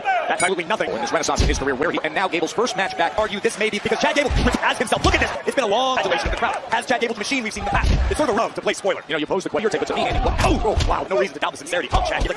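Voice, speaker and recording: A man calling a wrestling match as play-by-play commentator, bursting into shouts at the big moves. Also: high-pitched, sing-song, rapid-fire. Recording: broadcast mix with loud crowd and music.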